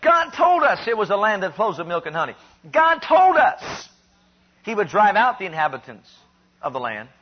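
A preacher voicing a bold, urgent believer. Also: male voice, high-pitched, huge pitch swings, moderate pace, breathy edge, exaggerated voice. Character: bold male believer urging faith. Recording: dull lo-fi recording.

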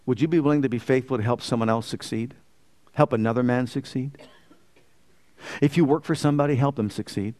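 A man's voice: medium pitch, darkish tone. A man preaching a sermon as pastor, asking the congregation rhetorical questions and rising in emphasis.

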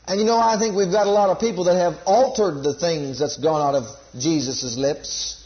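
High-voiced emphatic male preacher. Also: fairly even intonation, moderate pace. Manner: emphatic, repeats key phrases, leads congregation call-and-response. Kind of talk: sermon. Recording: dull lo-fi sermon recording.

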